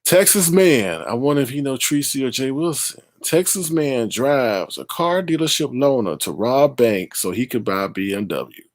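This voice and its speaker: Lively middle-aged man reading news. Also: mid-range voice, normal speed, hardly any pauses, dry recording, studio quality. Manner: animated, exclaiming and laughing at the story; reads news aloud and talks to the chat. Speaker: live-stream host. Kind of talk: live-stream news commentary.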